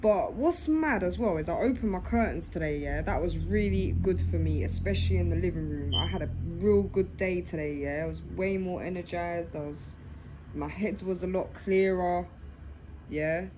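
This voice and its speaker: Eating dinner in her living room, a woman vlogs casually to a phone resting in her lap, ending almost every phrase with "yeah?". Her voice sits on the low side at normal speed, and the audio is dull with a noisy background.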